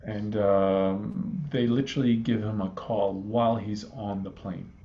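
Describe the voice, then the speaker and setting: A man in his thirties from Iraq, a guest calmly telling a personal story in a halting way, with many fillers, on a slightly muffled recording. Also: on the low side. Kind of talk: conversational storytelling. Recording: slightly dull, muffled audio.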